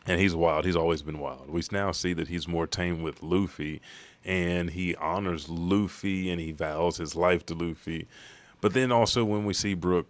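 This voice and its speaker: Deep-voiced man doing a loose manga recap. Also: moderate pace, no room sound. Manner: loose and profane. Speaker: anime channel host. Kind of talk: casual manga chapter recap.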